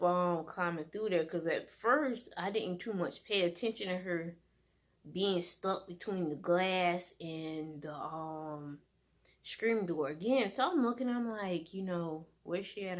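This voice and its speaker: Woman, casual storytime, rambling, animated, lots of fillers. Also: on the low side. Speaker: vlogger.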